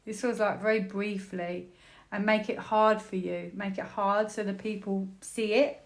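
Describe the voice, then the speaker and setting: A British woman doing a tarot reading, thinking out loud, exclaiming and repeating words as she turns cards. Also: medium pitch, level tone, measured pace. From United Kingdom. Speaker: tarot reader.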